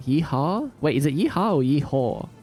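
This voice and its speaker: A man's voice: on the high side, big pitch swings, normal speed, a little mellow, faint music behind. A young Australian man with an Australian accent, casually chatting on a live stream and joking around with silly impressions. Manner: laid-back, jokey, trying silly impressions. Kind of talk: casual live-stream chat reading comments.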